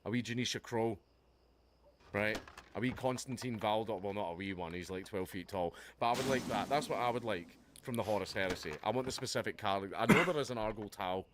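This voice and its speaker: A livestream host delivering a heated, profane, sarcastic reaction rant. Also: male voice, fairly low pitch, fairly quick. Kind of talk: ranting reaction commentary. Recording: noticeable background noise.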